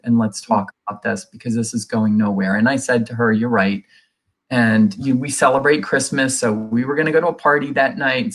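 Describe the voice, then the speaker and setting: A middle-aged woman, a guest in an interview, telling a personal story in an earnest, conversational way and acting out what people said. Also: rumbling low. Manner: earnest, reenacts quoted dialogue in her telling; many fillers and restarts, conversational. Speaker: guest sharing a recovery story.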